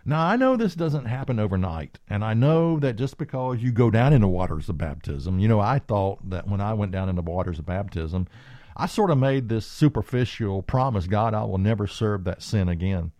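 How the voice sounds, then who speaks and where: A man's voice: lowish voice, animated, moderate pace, a little mellow, no echo. A man preaching an earnest, emphatic sermon and reading scripture aloud.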